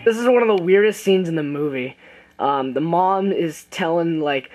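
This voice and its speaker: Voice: medium pitch, lively intonation, normal speed, a little mellow, low-quality recording. Casual movie review, rambling plot retelling, lots of fillers and restarts, music in the background.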